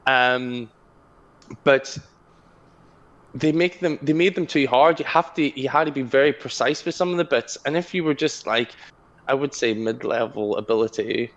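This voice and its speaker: A man's voice: mid-range voice, moderate pace, dull audio. A young man co-hosting a casual podcast chat, telling a story with energy, swearing and laughing often. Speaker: podcast co-host.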